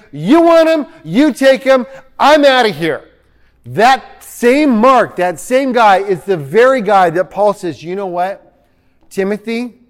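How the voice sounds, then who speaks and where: A man preaching a sermon as pastor, chatty and joking, reading passages aloud. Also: sits high. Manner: conversational and joking, reads quotes aloud. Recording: long hall reverb.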